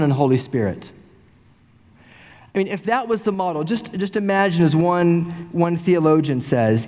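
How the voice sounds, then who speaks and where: A middle-aged male pastor preaching an animated sermon, full of repeated rhetorical questions. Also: fairly high pitch. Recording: long reverb in a large sanctuary.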